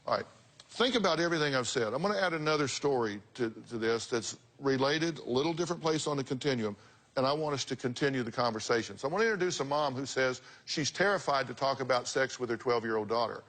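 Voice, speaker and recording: A man's voice: medium pitch, a bit bright. A man hosting a talk show, giving blunt, direct advice to guests in a lecturing way.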